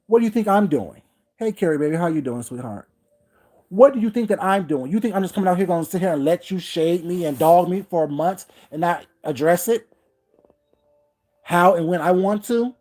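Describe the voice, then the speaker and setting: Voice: mid-range voice, lively intonation, a little fast, a little mellow. A livestream host delivering a heated, confrontational rant, repeating points and breaking off to greet viewers by name.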